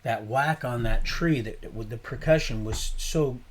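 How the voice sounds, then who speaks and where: A man's voice: mid-range voice, moderate pace. A man streaming live, telling rambling, profane stories in a casual way. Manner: rambling, profane, swearing often. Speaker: livestreamer.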